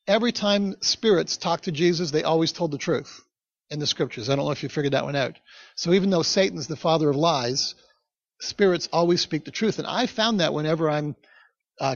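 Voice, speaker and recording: A man's voice: fairly high pitch, vocal fry, no room sound. A male pastor preaching a sermon in a conversational storytelling manner, with asides to the congregation. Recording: dull, dry recording.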